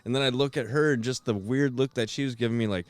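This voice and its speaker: A man's voice: mid-range voice, fast, clean tone. A man hosting a casual podcast chat, telling stories full of swearing and laughter. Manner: profane, laughing storyteller. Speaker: podcast host.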